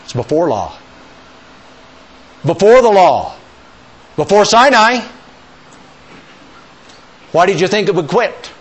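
Emphatic preacher man, lively pitch. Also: slow pace, pauses often, husky. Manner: emphatic, rising to near-shouts; call-and-response with the congregation. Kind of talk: sermon.

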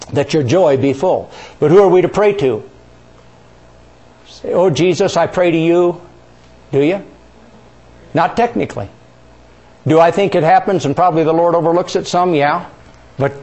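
Call-and-response preaching man. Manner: questioning the congregation, drawing call-and-response; drops soft and low on key words. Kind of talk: sermon.

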